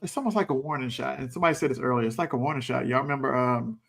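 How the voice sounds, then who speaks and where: A man's voice: mid-range voice, very fast, gravelly, fairly bright tone. A man, a coach co-hosting a casual sports talk show, breaking down plays emphatically and acting out quotes in a folksy way. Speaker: co-host and coach.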